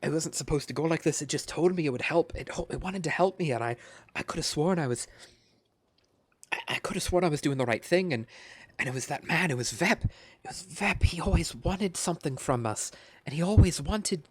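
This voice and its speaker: A man voicing a guilt-stricken villager who sobs and rambles out apologies, high and strained above his own voice. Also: animated, brisk, breathy edge. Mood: sobbing apology. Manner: pleading, rambling, choked.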